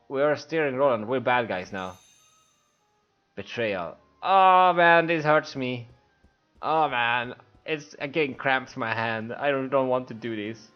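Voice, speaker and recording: A man's voice: mid-range voice, takes it slowly, dull audio, soft background music. A man with a Swedish accent streaming a game, reading the on-screen action aloud for blind viewers with emotional sighs. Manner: emotional, sighing, reads everything aloud. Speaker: let's play streamer.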